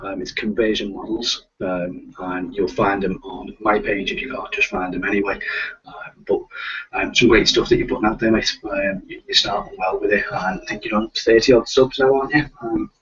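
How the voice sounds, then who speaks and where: A man's voice: fairly low pitch, steady tone, moderate pace, a bit bright. A man with a Liverpool accent hosting a casual live stream, hesitant with lots of ums. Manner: hesitant, with many ums and restarts. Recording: distant, dull lo-fi online call audio.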